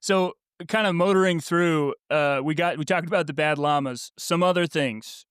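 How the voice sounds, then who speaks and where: A man's voice: a little high, normal speed, a bit bright, smooth, no room sound, studio quality. A man co-hosting a book podcast, telling a family story in casual chat with frequent laughs. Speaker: podcast co-host.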